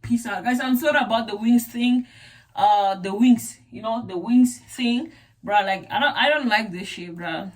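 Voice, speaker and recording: A woman's voice: on the high side, moderate pace. A young South African woman with a South African accent, chatting casually to camera in a rambling way, repeating words and using lots of fillers. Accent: South African English. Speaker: vlogger.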